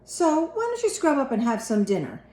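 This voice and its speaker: A woman reading a storybook aloud, voicing a mother who speaks gently and reasonably. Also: sits high, huge pitch swings, normal speed, pitched above the performer's own voice. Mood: gentle. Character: mother, a gentle practical mom. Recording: echoey room.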